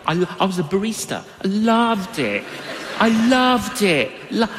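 A man preaching a sermon, telling personal stories with animated swings in his voice. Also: roomy sound, big-room sound. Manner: animated storytelling with big pitch swings.

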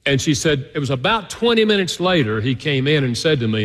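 Storytelling preacher in a reverberant hall. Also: male voice, big pitch swings, brisk. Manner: conversational storytelling preacher, swings up high for emphasis. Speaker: pastor. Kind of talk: sermon. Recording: long reverb of a large hall.

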